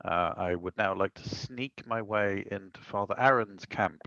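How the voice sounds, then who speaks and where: A man playing a tabletop game, playful and animated, joking about his character's plans. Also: lowish voice, a little slow, dry recording. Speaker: player. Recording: dry, dull lo-fi sound.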